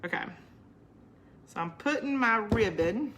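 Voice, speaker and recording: A woman with a medium-pitched, expressive voice and a fairly bright tone hosts a casual crafting livestream at a measured pace, with a little hiss or hum in the background. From the northern United States, she chats with her viewers while she works, laughing often and answering their comments.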